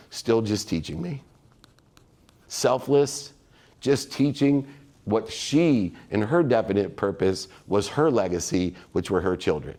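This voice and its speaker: A man's voice: on the low side, mellow. A man giving a motivational keynote speech, telling stories in an emphatic, repetitive way. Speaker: guest keynote speaker.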